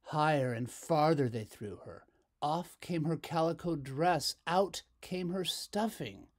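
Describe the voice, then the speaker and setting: A man reading a children's picture book aloud as storyteller, slow and expressive. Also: fairly high pitch.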